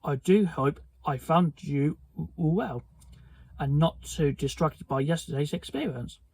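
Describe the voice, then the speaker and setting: An earnest, gentle young piglet who speaks with careful politeness, as a man reading a children's storybook puts him on. The voice is slightly higher than average and husky, and it moves slowly. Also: no echo. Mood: polite.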